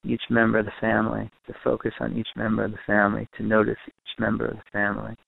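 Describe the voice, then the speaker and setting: A man's voice: on the low side, monotone, fast, vocal fry, slightly rough, narrow, tinny audio. A man giving a recorded lecture to a group on family and parenting, repeating and rephrasing his points for emphasis.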